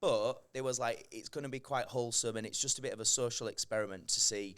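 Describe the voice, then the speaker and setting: A man, a podcast guest telling animated stories and acting out quotes. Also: mid-range voice, quick pace, smooth. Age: 30s. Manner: animated storytelling, acts out quoted lines. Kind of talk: casual chat.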